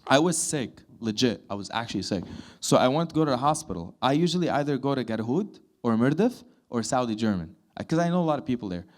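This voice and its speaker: A thirty-year-old man who works as a voice-over artist and composer speaks fast at a medium pitch during a fireside chat. He tells his stories with animation, acting out the dialogue, in an event hall before a live audience.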